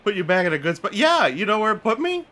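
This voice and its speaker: Bright-voiced man streaming a game. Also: sits high, sing-song, fast talker. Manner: joking, swearing, muttering to himself. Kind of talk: live gameplay commentary.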